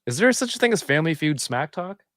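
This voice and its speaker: A man's voice: a little high, sing-song, quick pace, fairly bright tone, no echo, clean studio sound. A man co-hosting a podcast, joking and teasing the others in casual chat. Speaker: podcast co-host.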